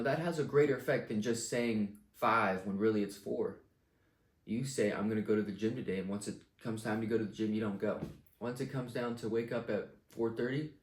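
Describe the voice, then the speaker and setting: Young man, blunt, profane, confident, casual advice rant, echoey room. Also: medium pitch. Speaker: vlogger giving life advice.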